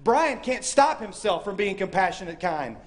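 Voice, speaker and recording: A man with a high, light voice preaches a sermon to a live audience. He is animated, acts out the voices in his story, and swings from loud calls to hushed, quiet lines. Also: moderate pace. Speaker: speaker. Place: university chapel or hall with audience.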